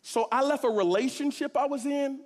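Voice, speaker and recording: Passionate high-voiced man in a reverberant hall. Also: moderate pace. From Corpus Christi, Texas. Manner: passionate, swings from hushed to shouting. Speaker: church speaker giving testimony. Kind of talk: sermon testimony.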